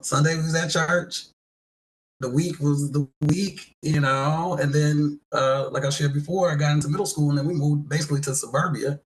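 A man with a slightly high voice talks in a relaxed, reflective way. A faint noise sits under his voice. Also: moderate pace, rough recording. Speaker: podcast co-host. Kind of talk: casual chat.

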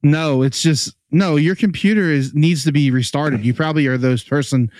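A man's voice: fairly high pitch, moderate pace, darkish tone, no echo. A man co-hosting a casual sports podcast over an online call, teasing his partner, laughing often and swearing freely. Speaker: podcast co-host.

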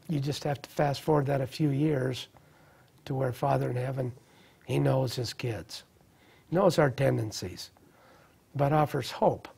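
A man's voice: medium pitch, fairly even intonation, moderate pace, vocal fry, darkish tone, slightly rough. A man in his thirties sharing a personal recovery testimony in an interview, earnest and reflective, often restarting his sentences. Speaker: guest sharing recovery story.

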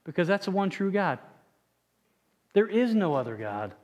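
A man's voice: high voice, very animated, normal speed, a little mellow. A male pastor preaching a sermon with passion, often stumbling over his words and restarting phrases. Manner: impassioned preaching, frequent stammered restarts.

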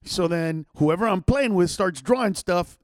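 High-voiced, animated man hosting a podcast. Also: measured pace, no room sound. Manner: animated, swears freely, acts out other people's lines. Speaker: podcast host. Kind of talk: casual storytelling to listeners. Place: home podcast setup.

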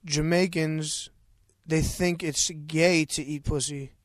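A man with a New York accent talks in loud, profane, laughing bursts, his voice sitting a little high for a man. The sound is close and dry, with no room around it. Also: fairly even intonation, takes it slowly, no echo. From United States. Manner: loud, laughing, swears freely. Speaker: rapper and guest. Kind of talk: casual profane banter.

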